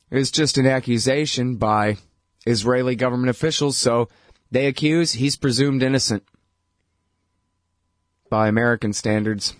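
A man's voice: medium pitch, dry recording, clean studio sound. A male radio host giving blunt, heated political commentary in a conversational way, with frequent fillers.

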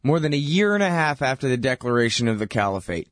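A man's voice: mid-range voice, sing-song, quick pace, no echo, clean studio sound. Sarcastic male political talk host. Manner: sarcastic, mocking, heated. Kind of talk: political commentary monologue.

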